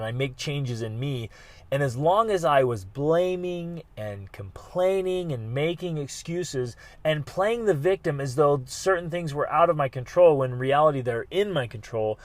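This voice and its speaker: A middle-aged man hosting a podcast, telling a story in a casual, animated way with loud exclamations at the peaks. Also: on the high side, dry recording. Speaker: podcast host.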